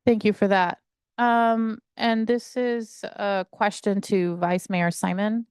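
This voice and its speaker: A woman's voice: medium pitch, steady tone, slow pace, clean tone, no room sound, clean studio sound. A woman council member asking polite, hesitant questions at a council meeting. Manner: polite, hesitant, many ums.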